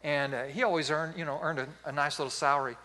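Pastor, male, 50s, playful sermon delivery, slightly high bright voice. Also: quick pace. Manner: animated storytelling, playful.

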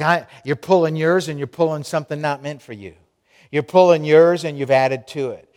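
A pastor delivers a sermon in a somewhat high voice, pressing his points and repeating them to his listeners. His words ring out with the long reverb of a large hall. He speaks straight to the people in front of him. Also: clean tone. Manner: emphatic, repeats key phrases, talks straight to the congregation.

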